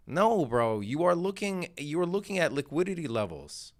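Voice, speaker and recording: A man's voice: on the high side, very animated, normal speed. A man hosting a live day trading stream, talking in a casual, slangy, laid-back way and laughing often. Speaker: day trading livestream host.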